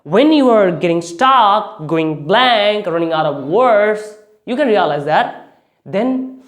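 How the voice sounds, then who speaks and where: A man's voice: high-pitched, lively intonation, takes it slowly. A man giving a spoken English lesson, often restarting phrases and leaning hard on key words. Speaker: English speaking teacher.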